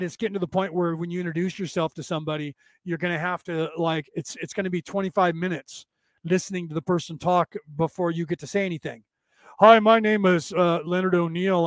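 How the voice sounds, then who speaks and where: A man with a notably high voice talks in a loose, rambling lecture, sarcastic and profane, slipping into quoted back-and-forth exchanges. The recording is dry and close, with no room sound. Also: dry recording. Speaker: podcast host teaching a class. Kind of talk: casual lecture-style monologue.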